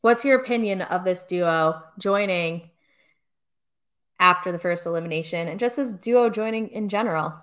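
A woman's voice: on the low side, moderate pace, fairly bright tone. A young woman co-hosting a podcast, chatting casually with lots of fillers and frequent laughs. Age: young adult. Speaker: podcast co-host. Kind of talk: casual chat.

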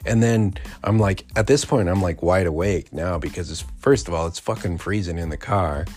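Deep-voiced man rambling through a story. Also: moderate pace, darkish tone, soft background music. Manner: rambling, profane, laughs mid-story. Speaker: podcast host. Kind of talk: casual storytelling.

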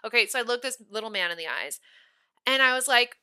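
A woman hosting a podcast, telling a story in a casual, animated and giggly way. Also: a little high, fast talker, clean tone. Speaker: podcast host.

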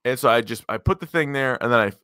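A man's voice: medium pitch, quick pace, dry recording, studio quality. A man from New Hampshire co-hosting a podcast, bantering casually with jokes and profanity. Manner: joking, profane, lively. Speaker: podcast co-host.

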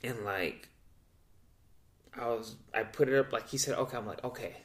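A young man co-hosting a podcast, telling a loose, profane story and acting out the people in it with big jumps in pitch. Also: moderate pace. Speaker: podcast co-host. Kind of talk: casual storytelling chat.

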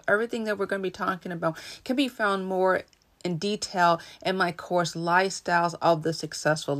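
Woman podcast host, lowish voice, earnest coaching delivery in short paused phrases. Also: a bit bright. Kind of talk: solo motivational podcast talk.

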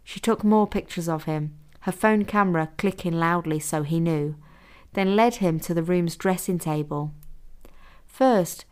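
Woman narrating her story, lowish voice. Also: darkish tone, smooth. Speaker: author reading her own story. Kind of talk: audiobook narration.

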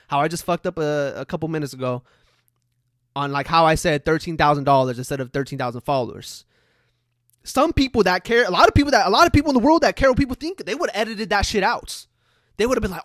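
A man's voice: high voice, a bit bright, no echo, studio quality. A man giving a casual motivational monologue as a social media creator, blunt and profane, repeating himself for emphasis and talking straight to his viewers. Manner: addresses viewers directly.

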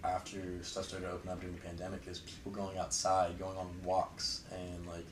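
A man's voice: deep voice, a little fast, reverberant, recorded from a distance, background noise. A young man chatting casually as an interview guest, rambling and filling his talk with "like". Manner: relaxed, rambling, heavy use of "like". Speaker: interview guest, fraternity member.

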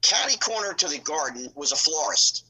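A middle-aged man telling stories as a podcast guest, animated and acting out other people's lines in his own telling. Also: a little high, normal speed, rough recording. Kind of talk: casual storytelling.

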